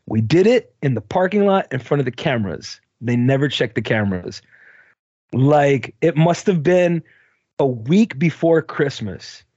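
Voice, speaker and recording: Podcast co-host, husky man with a lively sing-song delivery, chatty and profane. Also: medium pitch, dry recording, highs cut off. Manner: rambling, swears, laughs at own story. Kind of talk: casual storytelling chat.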